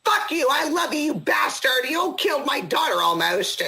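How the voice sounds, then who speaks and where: Bright-voiced crying woman, pleading. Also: sits high, sing-song, normal speed. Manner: tearful, pleading, swearing. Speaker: distraught mother in a filmed clip. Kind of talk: emotional real-life argument.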